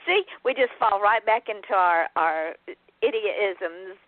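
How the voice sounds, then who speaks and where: A woman's voice: mid-range voice, lively intonation, measured pace. A woman from Georgia, hosting a casual interview and laughing readily. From Georgia, United States. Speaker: host. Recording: tinny phone line.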